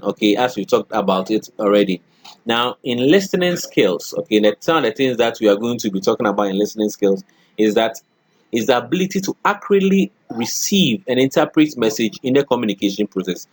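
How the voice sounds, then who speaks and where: A man's voice: medium pitch, husky, no echo. A middle-aged man lecturing a college class, often checking in with "okay" and "all right" and acting out spoken examples.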